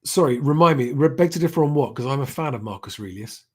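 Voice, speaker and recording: Husky middle-aged man rambling. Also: medium pitch, lively intonation, quick pace, a little mellow. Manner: rambling with many fillers and restarts. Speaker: livestream host reading chat comments. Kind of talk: casual live-stream commentary.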